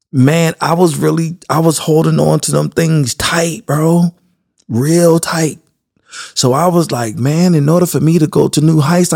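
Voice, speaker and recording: Gravelly-voiced man hosting a casual podcast. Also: medium pitch, darkish tone, no echo, clean studio sound. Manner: slangy, conversational, addresses listeners directly. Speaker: podcast host. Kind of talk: casual motivational podcast monologue.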